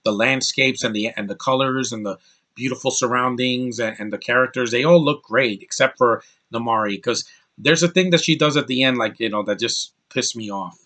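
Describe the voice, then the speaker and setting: Man, bright voice, casual movie review, rambling, lots of fillers and restarts. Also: medium pitch, moderate pace. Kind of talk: casual spoken film review.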